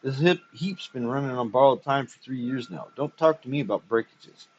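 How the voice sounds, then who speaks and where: A man reading aloud, voicing a gruff, blunt, swearing male robot mechanic in a husky voice. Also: medium pitch, normal speed, pitched above the performer's own voice, lightly acted. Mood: exasperated. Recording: dull lo-fi recording.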